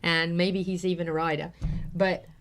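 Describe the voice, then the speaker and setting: A woman's voice: lowish voice, little pitch movement, moderate pace. A middle-aged woman hosting a talk show, telling an emotional story in an earnest, casual way with many fillers.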